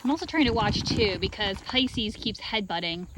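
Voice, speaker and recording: A woman sheep farmer filming a casual vlog outdoors in her pen on a handheld camera, chatting and coaxing her animals in a high sing-song. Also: expressive, moderate pace, noisy background. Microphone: handheld camera while working.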